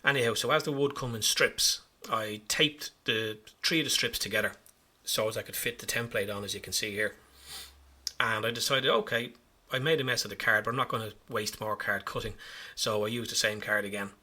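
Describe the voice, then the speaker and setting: Bright, husky-voiced man narrating his hobby. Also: lowish voice, fairly quick. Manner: chatty, self-mocking, rambling. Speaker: hobby vlogger. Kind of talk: casual voice-over narration.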